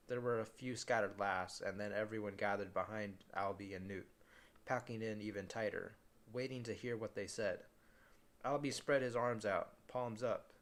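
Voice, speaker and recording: A man's voice: lowish voice, normal speed. Man reading a novel aloud, stumbling. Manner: casual reading with frequent stumbles and restarts.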